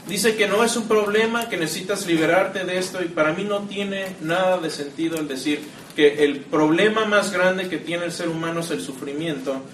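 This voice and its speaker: A man's voice: sits high, fairly quick, few pauses, fairly bright tone, reverberant, distant mic, a little hiss or hum. A man giving assertive, explanatory commentary.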